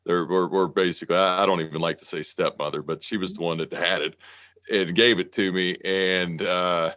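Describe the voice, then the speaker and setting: A man hosting a podcast, speaking in a halting, hesitant way with many restarts. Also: low voice, bright, forceful tone, smooth, dry recording, clean studio sound. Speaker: podcast host. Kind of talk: casual interview conversation.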